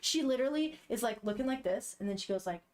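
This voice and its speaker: A woman's voice: a little high, animated, quick pace. A young woman reading a manga aloud and chatting about the panels, giggly and casual. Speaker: manga reader streamer.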